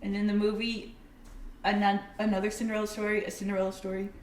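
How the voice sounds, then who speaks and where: A woman's voice: mid-range voice, little pitch movement, quick pace, a little hiss or hum. A young woman co-hosting a podcast in casual chat, laid-back, laughing often and trailing off mid-thought. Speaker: podcast co-host. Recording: echoey room.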